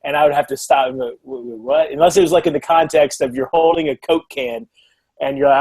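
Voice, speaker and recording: American man, live-chat co-host, rambling and animated, jumps to disbelief. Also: mid-range voice, a little fast, husky. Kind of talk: casual chat.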